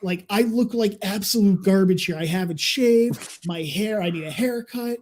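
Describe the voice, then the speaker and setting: A man's voice: high-pitched, moderate pace, a little mellow. A man in his thirties co-hosting a casual online chat show, ranting in a sweary, sarcastic way. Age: 30s. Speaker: podcast co-host.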